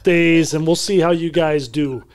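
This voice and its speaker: A man imitating a gruff, sarcastic male hockey coach in a mocking, raised voice while telling a story. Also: on the high side, steady tone, measured pace, over a noisy crowd, lightly acted.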